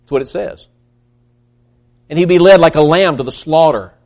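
A man preaching a sermon, swinging between loud emphatic peaks and hushed, soft passages, often repeating words as he builds. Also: a little high, moderate pace. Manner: repeats words when excited.

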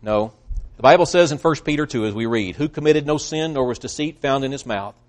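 A man's voice: mid-range voice, fairly quick. A male preacher giving a sermon, earnest and emphatic, quoting scripture at length.

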